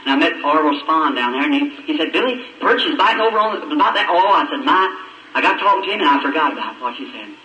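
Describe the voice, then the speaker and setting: A man's voice: on the high side, animated, fast, sharp tone. A man from preaching a storytelling sermon, folksy and heartfelt, with stammering restarts. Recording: old echoey church recording, distant mic, muffled, hiss.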